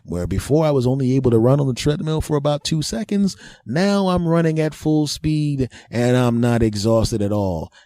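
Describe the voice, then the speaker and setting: A man tells a comic story at his own expense and laughs at his own jokes. His voice is dark and mellow. The recording is dry and close. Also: medium pitch, expressive, moderate pace, hardly any pauses, no echo. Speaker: comedian telling a personal story. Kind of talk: comedic storytelling monologue.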